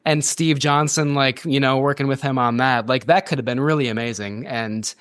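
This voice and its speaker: A man's voice: medium pitch, moderate pace, a bit bright, smooth, dry recording, studio quality. Laughing, chatty man on a podcast. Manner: chatty, laughs often, many fillers and restarts. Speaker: podcast co-host. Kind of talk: casual movie review chat.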